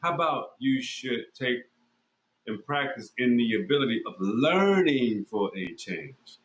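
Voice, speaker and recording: A man's voice: medium pitch, expressive, measured pace. A man hosting a podcast, talking in a blunt, profane, rambling monologue full of fillers and restarts. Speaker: podcast host. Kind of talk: casual monologue. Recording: echoey room.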